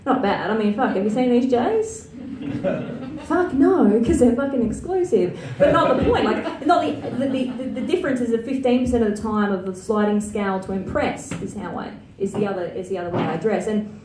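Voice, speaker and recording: On a comedy venue stage, a young Australian woman does a crude, self-mocking stand-up set, chatty and full of filler words, her voice on the high side at normal speed. The distant mic picks up roomy live sound and crowd noise.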